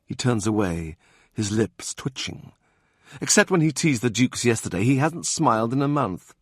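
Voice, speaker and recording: An expressive male audiobook narrator reads scripted narration of a historical novel at medium pitch and moderate pace. The sound is clean studio quality with no echo.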